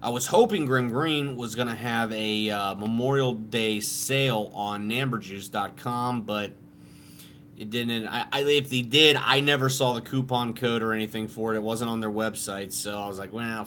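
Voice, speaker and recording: A man's voice: mid-range voice, fairly even intonation, moderate pace, fairly bright tone. A man co-hosting a live stream in casual chat, laid-back and swearing freely.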